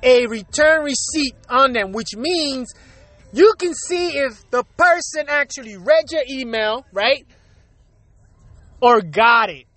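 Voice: high-pitched, lively intonation, slow pace, fairly bright tone, dry recording, faint music behind. A podcast host delivering a heated, profane comedic rant in street slang, acting out both sides of the exchanges.

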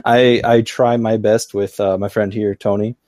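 A man's voice: on the low side, flat delivery, normal speed, a little mellow, no echo, clean studio sound. A man co-hosting a live podcast, chatting casually and thinking aloud with eager restarts. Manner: enthusiastic about the topic. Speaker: podcast co-host.

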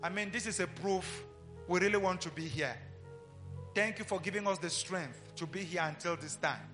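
A man's voice: sits high, moderate pace, a bit bright, soft background music. A man leading an earnest, pleading congregational prayer at a live church service. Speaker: prayer leader.

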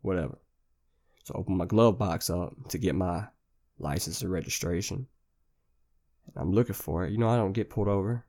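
Young male podcast host with a lowish voice, rambling and profane, heavy on slang. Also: brisk, pauses often, mellow. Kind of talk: casual storytelling.

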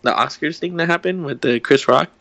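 A man's voice: on the high side, brisk, creaky, fairly bright tone, no room sound. A young man co-hosting a podcast, telling a story in a rambling way, swearing freely and acting out the quotes. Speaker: podcast co-host. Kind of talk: casual chat, storytelling.

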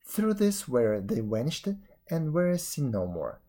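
A man reading a fairy tale aloud, expressive storytelling with a few slips. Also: mid-range voice, slow pace. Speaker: reader.

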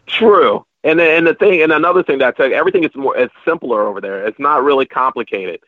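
A man's voice: medium pitch, fast talker, no room sound. Rambling man telling stories, dry sound. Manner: rambling storyteller with many restarts. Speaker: podcast guest. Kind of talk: casual chat. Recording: dry, slightly muffled lo-fi recording.

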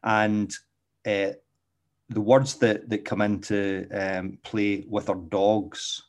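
Middle-aged Glaswegian man with a low voice, easygoing rambling delivery, a dog trainer. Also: level tone, slow pace. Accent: Glaswegian Scottish. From Scotland. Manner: rambling, often checks in with "okay?". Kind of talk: casual spoken monologue.

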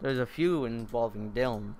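A man's voice: mid-range voice, moderate pace, a little mellow, slight background noise. A teenage boy hosting a podcast, telling a long story in a casual, rambling way with lots of fillers and restarts. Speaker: podcast host.

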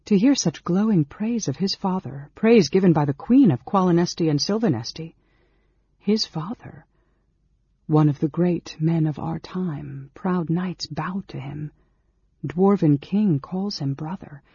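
Husky male fantasy audiobook narrator. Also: fairly high pitch, dark tone, dry recording. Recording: dull, dry lo-fi recording.

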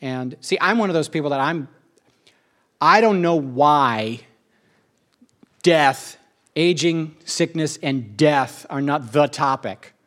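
A middle-aged man in a casual spoken monologue, rambling and emotional, with quick asides and a lot of repetition. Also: fairly high pitch, fairly bright tone.

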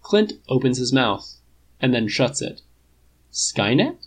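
A man's voice: mid-range voice, very animated, unhurried, slightly rough, low-quality recording. A man narrating a fan-fiction story in a casual, wry reading style. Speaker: podfic reader.

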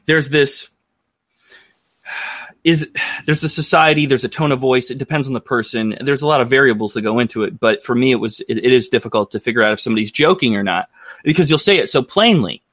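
A man's voice: medium pitch, fairly quick, fairly bright tone, dry recording, clean studio sound. An American man hosting a casual livestream, rambling and thinking aloud. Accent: American English. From United States. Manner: rambling, thinks aloud with many fillers and restarts.

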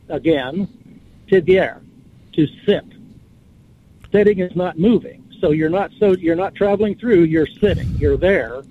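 A man calling in to a radio talk show, casually rambling and spelling out words as he muses. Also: fairly high pitch. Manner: rambling, musing storyteller who spells out words. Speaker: caller. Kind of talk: casual call-in chat. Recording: tinny phone line with faint hiss.

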